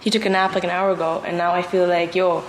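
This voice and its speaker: A woman's voice: fairly low pitch, little pitch movement, fast, a little hiss or hum. A woman in her twenties, talking to camera in a casual vlog rant, outspoken and emphatic with plenty of slang. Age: 20s. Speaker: vlogger.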